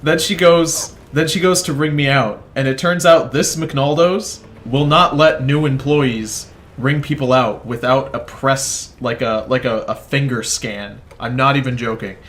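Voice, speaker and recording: A man's voice: mid-range voice, a little slow, few pauses, fairly bright tone. A man telling a rambling, profane story in casual chat while he plays a video game, often breaking off to comment on it. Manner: rambling, profane, self-interrupting. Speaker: gaming video creator. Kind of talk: casual storytelling over gameplay.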